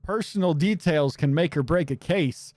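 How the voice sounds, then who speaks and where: A man's voice: a little high, normal speed, a little mellow, no echo, faint music behind, natural voice. A man doing a terse raccoon detective. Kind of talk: game dialogue read aloud.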